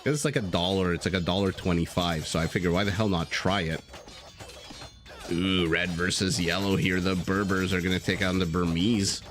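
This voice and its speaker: A man's voice: low voice, steady tone, moderate pace, a bit bright, soft background music. A man casting a strategy game live, chatting casually with viewers and telling stories as he goes. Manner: chatty, easygoing, swears casually, tells stories.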